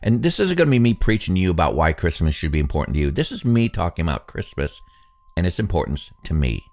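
Deep-voiced man in his sixties, musing. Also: very animated, quick pace, darkish tone. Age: 60s. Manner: musing, conversational, self-deprecating. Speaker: podcast host. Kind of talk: reflective solo podcast monologue.

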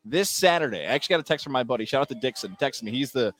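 Lively, upbeat sports podcast co-host man. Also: medium pitch, racing. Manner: enthusiastic, shout-outs, sports stats. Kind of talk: casual sports chat.

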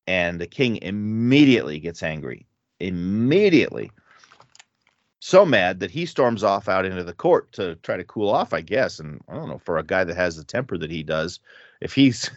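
Deep-voiced man retelling a story casually. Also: dry recording. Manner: relaxed, chatty retelling with fillers. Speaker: Bible study group member. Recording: dry, dull lo-fi recording.

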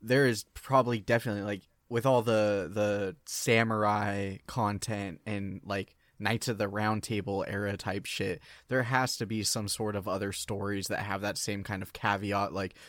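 A man's voice: fairly low pitch, flat delivery, moderate pace, few pauses, a bit bright, dry recording. A man in casual podcast chat, talking offhand with slang.

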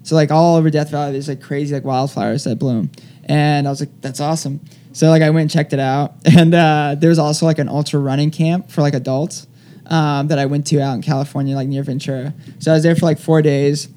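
A man's voice: on the high side, fairly even intonation, fast, warm tone. A young man telling a story as an interview guest, rambling casually with lots of filler words. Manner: rambling, heavy use of "like" fillers.

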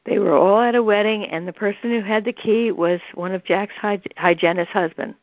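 Gravelly older woman telling a family story. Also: mid-range voice, moderate pace, dry recording. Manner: rambling, with many restarts and asides. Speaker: interviewee recalling family history. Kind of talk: casual storytelling. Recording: dull, lo-fi, dry recording.

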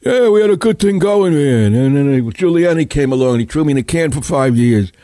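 A man's voice: a little high, expressive, a little fast, mellow, no echo, voice pushed up, natural voice. A man voicing a tough middle-aged ex-mobster who grumbles in street slang about prison. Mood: sullen. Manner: gruff, slangy, nostalgic grumbling. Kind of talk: comic impression within radio monologue.

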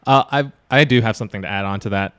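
A man's voice: on the low side, very fast, fairly bright tone. A man in a casual chat, hesitant and searching for words as he asks a question. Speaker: friend in group chat.

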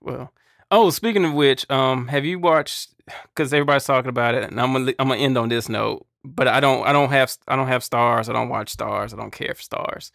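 A man's voice: medium pitch, a little fast, vocal fry, fairly bright tone, no echo, studio quality. A man co-hosting a podcast, laid-back and teasing in casual chat. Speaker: podcast co-host.

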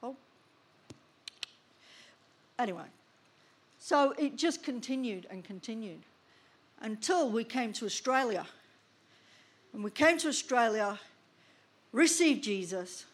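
This sermon features a woman pastor in her sixties telling her own testimony, her voice on the high side, slow, with frequent pauses. She acts out the scenes in lively fashion.

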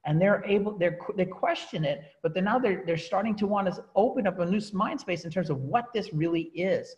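A man giving a motivational talk to a coaching team, telling his story in an animated way and often restarting his sentences. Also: high-pitched, fairly quick, lo-fi sound. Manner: animated storytelling, repeats words and restarts, laughs at himself.

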